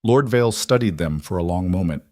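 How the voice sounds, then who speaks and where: A man reading scripted story narration in a measured, even way. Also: low-pitched, dry recording, studio quality.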